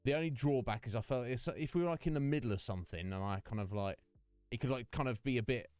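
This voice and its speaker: A man's voice: mid-range voice, quick pace, a little mellow, smooth, no echo, soft background music. A man hosting his game live stream, chatting in a rambling way and laughing often. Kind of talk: casual live-stream chat.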